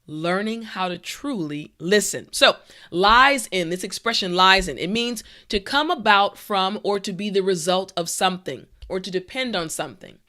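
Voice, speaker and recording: Bright-voiced woman English teacher. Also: medium pitch, moderate pace. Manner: encouraging, emphatic, many checking "okay?" and "right?"; confident, animated delivery. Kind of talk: online English lesson.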